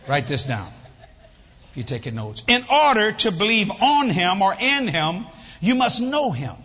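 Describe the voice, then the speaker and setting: An older man preaches with a high, animated voice that swings between playful asides and acted-out voices. His sermon carries long reverb from a large hall, with a slightly muffled, dull tone and faint room noise behind. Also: a little slow, husky. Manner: animated storytelling, acts out voices, jokes with congregation. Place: church hall with audience.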